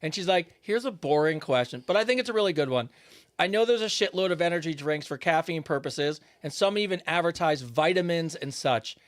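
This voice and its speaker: A man's voice: a little high, lively intonation, fairly quick. A man hosting a podcast, chatting casually and reading listener questions aloud.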